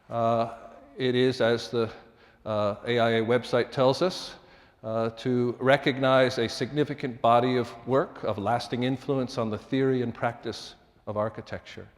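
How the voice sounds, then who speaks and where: Male lecturer, middle-aged, mid-pitched, formal and measured, frequent fillers; long hall reverb. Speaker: architecture dean giving a public lecture. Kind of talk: public lecture.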